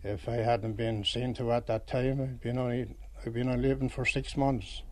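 A man's voice: mid-range voice, little pitch movement, moderate pace. An Irish man in an interview, recounting his own story in a rambling, homely way with many restarts. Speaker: pilgrim interviewee.

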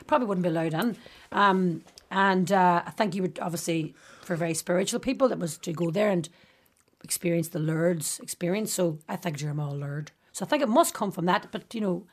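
A woman's voice: lowish voice, fairly quick. A woman with a Northern Irish Derry accent, chatting as a guest and telling stories full of local slang with a laugh. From Derry, Northern Ireland. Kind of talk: casual chat.

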